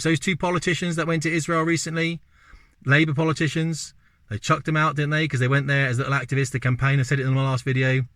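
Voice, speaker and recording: Forceful man, bright tense voice. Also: mid-range voice, no room sound, clean studio sound. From England. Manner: forceful, repetitive, rhetorical questions. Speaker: video host. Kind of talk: opinionated talking-head monologue.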